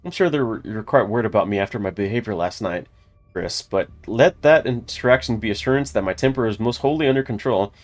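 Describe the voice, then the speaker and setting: A man's voice: on the low side, fast talker, natural voice. A man voicing a prim female companion who speaks in formal, old-fashioned phrases.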